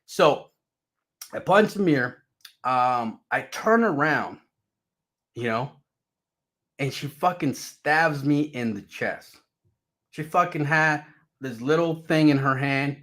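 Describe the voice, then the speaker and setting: A man casually telling his life story to viewers, animated and full of swearing, swinging between loud bursts and low mutters.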